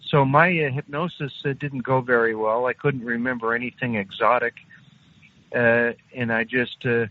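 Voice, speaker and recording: Older male guest on a phone-in, hesitant and slow-spoken, tinny line. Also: mid-range voice, level tone. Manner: halting, unhurried, frequent hesitations. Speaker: interview guest. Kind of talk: recounting a personal story. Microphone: phone call.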